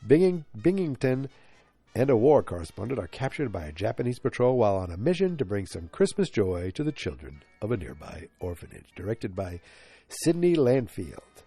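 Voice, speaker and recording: Guy with a stuffed-up nasal voice rambling on his podcast, kinda low, mellow tone, recorded on his couch with a little recorder. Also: big pitch swings, moderate pace, slightly rough, no room sound, faint music behind. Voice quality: nasal, congested. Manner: chatty, thinking aloud, easily sidetracked. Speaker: podcast host. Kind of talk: casual solo podcast chat. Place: living room couch at home. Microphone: handheld voice recorder.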